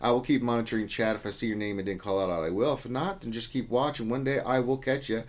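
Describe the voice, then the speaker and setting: A man's voice: medium pitch, steady tone, fast. A man hosting a casual livestream, reading out chat names and greetings in a loose, joking way. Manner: reads chat names aloud, jokey and loose. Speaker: livestream host.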